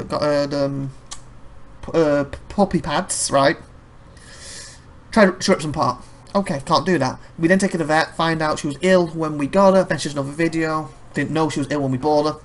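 Man, chatty let's-play host, rambles off on tangents, laughs a lot. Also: a little high. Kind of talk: casual gameplay commentary.

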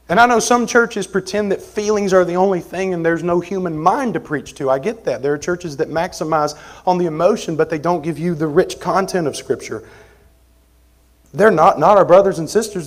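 A man preaching an expository sermon as pastor, conversational, moving between forceful emphasis and quiet asides. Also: high voice, fairly quick. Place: church sanctuary.

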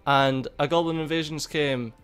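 A man giving casual, excitable gameplay commentary, swearing a lot and laughing at the game. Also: a little high, moderate pace, clear, resonant tone. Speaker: gaming YouTuber. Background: faint game music.

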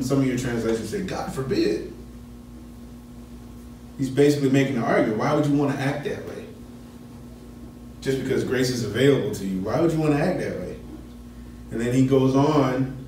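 A man's voice: mid-range voice, a little mellow, a little hiss or hum. A man teaching a Bible study lesson in a conversational way, asking his class questions as he explains. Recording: echoey room, mic at a distance.

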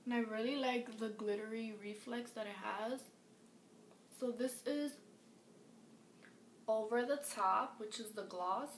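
A woman vlogging a casual makeup review, gushing and excitable, often repeating herself. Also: on the high side, unhurried, long pauses. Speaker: beauty vlogger. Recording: echoey room with faint background noise.

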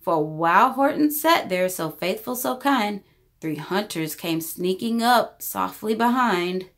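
Expressive woman reading a children's story. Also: medium pitch, unhurried. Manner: expressive rhyming narration. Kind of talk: children's story read-aloud.

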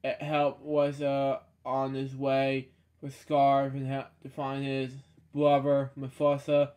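A man reading a children's storybook aloud, stumbling over words and dropping sarcastic deadpan asides. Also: mid-range voice, slow pace.

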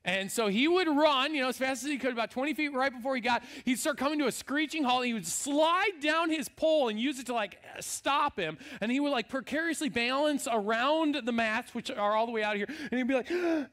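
A man's voice: extremely high pitch, a little fast, hardly any pauses, a bit bright. A young man preaching a sermon as pastor, in a casual, humorous storytelling way. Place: church sanctuary.

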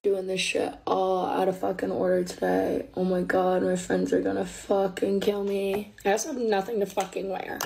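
A woman's voice: mid-range voice, flat delivery, moderate pace, gravelly, few pauses, a little mellow. A young woman in her twenties, hungover, chatting casually and swearing a lot while doing her makeup for a vlog. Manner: hungover and swearing, rambling with lots of "like". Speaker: vlogger. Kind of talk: casual get-ready-with-me vlog. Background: music.

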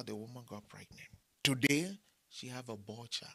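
Preacher man with husky, bright voice. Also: mid-range voice, normal speed, no room sound. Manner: storytelling preacher who mixes humor with appeals for money; repeats short phrases for emphasis. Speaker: pastor. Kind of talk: sermon.

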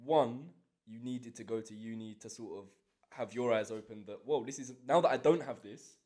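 A man co-hosting a casual podcast, asking measured, probing questions. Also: medium pitch, a little mellow. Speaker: podcast co-host. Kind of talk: casual chat.

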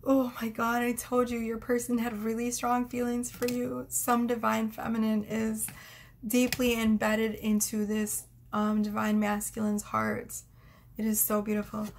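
A woman's voice: medium pitch, creaky, slight background noise. Gushing woman giving a tarot reading. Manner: effusive, gushing and emotional. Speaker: tarot reader.

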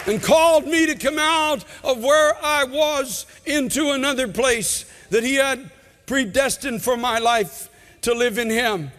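A pastor preaching an impassioned sermon, his voice often rising to shouts. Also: very high-pitched, measured pace, a faint crowd. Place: large church sanctuary. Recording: long church reverb.

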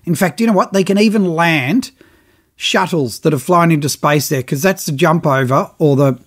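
A middle-aged man telling a travel story on his podcast in a casual, animated way, acting out other people's lines in his own voice. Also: fairly high pitch, moderate pace.

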